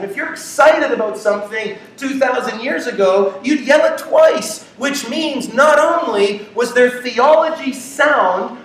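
Male pastor, high voice, slow and theatrical sermon delivery, distant mic in a reverberant church hall. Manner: dramatic swings between loud enthusiasm and hushed tones. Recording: echoey room, speaker far from mic.

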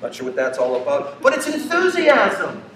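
A man preaching a sermon who swings between loud, excited passages and hushed, quiet ones. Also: high-pitched, moderate pace, a little hiss or hum. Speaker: pastor. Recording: echoey room, speaker far from mic.

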